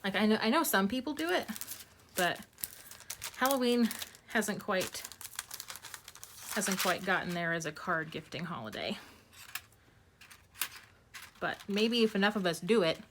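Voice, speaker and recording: A woman streaming her card making from home, thinking aloud and muttering softly to herself as she sorts through supplies. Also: medium pitch, expressive, measured pace, long pauses, a little hiss or hum. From United States. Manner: muttering to herself while sorting supplies, soft asides. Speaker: craft streamer. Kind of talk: casual craft livestream chat.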